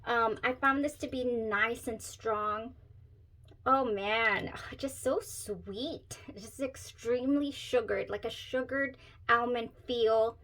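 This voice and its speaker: A woman's voice: on the high side, slow pace, fairly bright tone, a little hiss or hum, low-quality recording. A woman hosting a casual perfume review vlog, chatty and giggly, often trailing off into searching asides. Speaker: perfume reviewer, channel host.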